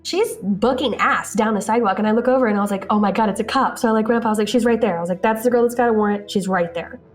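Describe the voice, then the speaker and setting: A woman tells her story in a loose, casual way, slipping into the voices of the people she quotes and dropping "like" into nearly every sentence. Her pitch sits at an ordinary middle level for a woman, and soft music runs quietly underneath. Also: racing. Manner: animated, acts out quoted dialogue, frequent "like". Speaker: interviewee recounting events.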